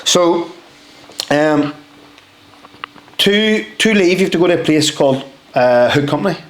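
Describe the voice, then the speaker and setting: Brief: male podcast guest, casual storyteller, slightly high voice, echoey room. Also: measured pace, slight background noise. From Northern Ireland. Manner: lively, swears freely, acts out quotes. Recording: roomy echo.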